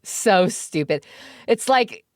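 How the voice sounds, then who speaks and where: A woman's voice: medium pitch, expressive, takes it slowly, no echo, clean studio sound. A woman from Canada telling a profane, giggly story casually to her stream chat.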